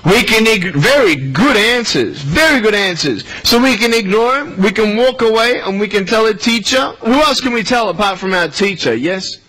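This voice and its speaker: A man in his thirties with an Australian accent, giving an animated motivational talk to schoolchildren and quizzing them. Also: high-pitched, normal speed, hardly any pauses. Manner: animated, playful, questions the audience. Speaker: motivational speaker. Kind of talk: speech to schoolchildren. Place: school hall with a child audience. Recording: noisy live hall recording.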